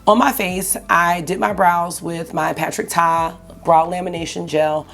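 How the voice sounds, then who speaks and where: A woman's voice: lowish voice, steady tone, unhurried, vocal fry, a bit bright. A woman in her forties, a beauty vlogger, chatting casually while getting ready, with a morning voice and a friendly way of saying "y'all". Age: 40s. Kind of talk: casual get-ready-with-me chat.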